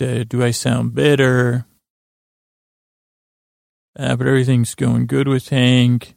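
Very gravelly, flat-voiced rambling man. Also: medium pitch, dry recording. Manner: halting, full of uh and restarts, dry asides. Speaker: podcast host retelling a TV episode as a bedtime story. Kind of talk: rambling bedtime recap.

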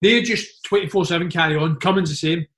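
A Scottish man in his thirties, a former footballer, casually telling animated anecdotes full of "mate" and "like". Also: fairly high pitch, fast. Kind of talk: casual storytelling chat.

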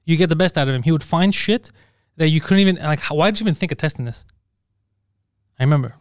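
A male podcast host telling stories in a casual chat, animated and full of swearing. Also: fairly high pitch, fast talker, no echo, studio quality. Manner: animated, swears a lot, acts out quotes.

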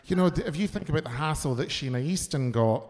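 A man, a chat guest, telling camp, bawdy stories with a quick wit. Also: on the high side, expressive, a little mellow, long reverb tail. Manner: camp, bawdy, rapid storytelling. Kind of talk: casual chat.

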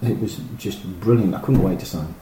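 A middle-aged man, a former footballer, telling animated, rambling stories full of fillers and restarts. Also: lowish voice, a little fast. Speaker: former professional footballer, guest. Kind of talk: casual anecdotal storytelling. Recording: roomy echo with faint noise.

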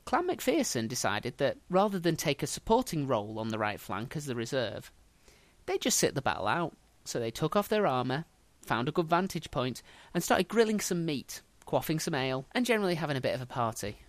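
A man's voice: on the high side, sing-song, fairly quick, dry recording. Wry man telling history, dry sound. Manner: dry, wry humour while recounting history. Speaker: history podcast host. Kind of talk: casual storytelling chat.

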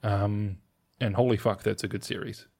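A man's voice: fairly low pitch, fairly even intonation, normal speed, creaky, darkish tone. A man co-hosting a podcast, chatting loosely about movies and shows, rambling and laughing easily. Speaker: podcast co-host. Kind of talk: casual chat about movies.

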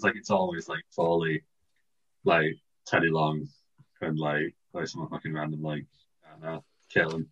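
A man co-hosting a casual podcast, rambling and laughing through a silly story pitch. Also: level tone, moderate pace, long pauses, fairly bright tone, husky, muffled recording. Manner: rambling, laughing, restarts, puts on silly voices in quotes. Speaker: podcast co-host. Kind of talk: casual comedic chat, pitching a wrestling storyline.

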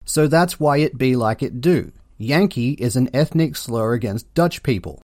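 A man with an Australian accent hosting a comedic history podcast, delivering sarcastic, deadpan jokes. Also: medium pitch, normal speed, no echo, studio quality. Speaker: podcast host.

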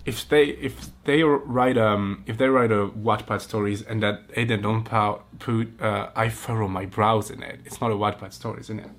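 A man's voice: on the low side, fairly even intonation, normal speed, hardly any pauses. A man hosting a podcast, reading a romance story aloud and breaking off into giggly, mocking comments. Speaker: podcast host. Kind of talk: comic reaction reading.

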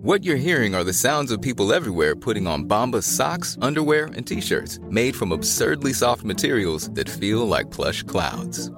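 A man's voice: mid-range voice, very animated, moderate pace, few pauses. A man reading a scripted advertisement. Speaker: ad announcer. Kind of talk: scripted ad read. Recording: music bed behind.

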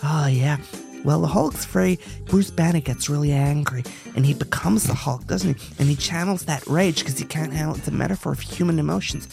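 A man voicing a gentle middle-aged mother who talks in a soft, coaxing, therapist-like way. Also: on the high side, a little fast, gravelly, over music, voice pushed up. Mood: soothing.

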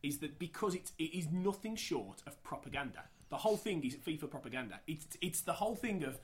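Emphatic man, slightly high. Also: sing-song, brisk. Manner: emphatic, repeats himself when worked up. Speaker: film podcast co-host. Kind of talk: casual chat.

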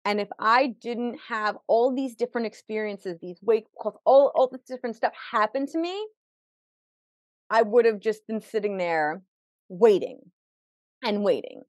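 A woman's voice: fairly high pitch, lively intonation, moderate pace, dry recording. Woman, podcast guest, vivid storytelling, acts out other voices, dry close sound. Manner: vivid, acts out quoted people; repeats words when emotional. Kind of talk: personal storytelling.

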